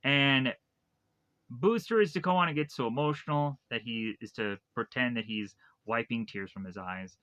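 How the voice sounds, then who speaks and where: A man's voice: medium pitch, moderate pace, pushed and bright. A man reviewing a movie, casually retelling the plot in a rambling way with lots of repeated phrases. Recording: dull lo-fi dry recording.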